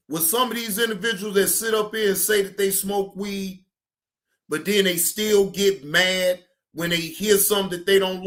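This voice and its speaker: A middle-aged man hosts a stream, launching into a casual rant that's drawling, profane, and emphatic. His voice sits high with a fairly bright tone.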